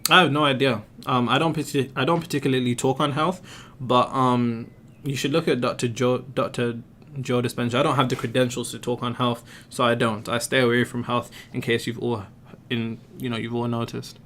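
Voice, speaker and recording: A man's voice: mid-range voice, little pitch movement, a little fast, fairly bright tone, a little hiss or hum. A man hosting a live question-and-answer stream, explaining his views with emphatic rhetorical questions. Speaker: host answering viewer questions.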